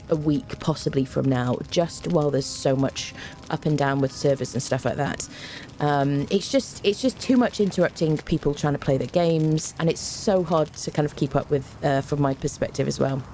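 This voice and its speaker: A woman's voice: low-pitched, mellow, slight background noise. A young woman streaming a game, chatting casually with viewers, greeting them by name with plenty of fillers. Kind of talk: casual live-stream chat.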